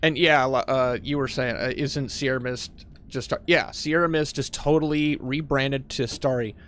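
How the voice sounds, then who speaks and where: A man's voice: mid-range voice, normal speed, a little hiss or hum. A man with a Pacific Northwest accent chatting casually and profanely while streaming a game. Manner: profane, excitable, laughs easily. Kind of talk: casual gameplay chat.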